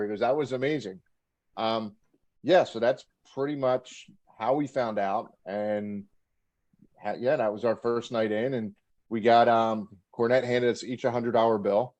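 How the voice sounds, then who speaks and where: A man's voice: mid-range voice, fairly quick, darkish tone. Laughing middle-aged man telling stories. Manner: laughing anecdotal storyteller, acts out quotes. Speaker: interview guest, former wrestler. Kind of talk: casual storytelling interview.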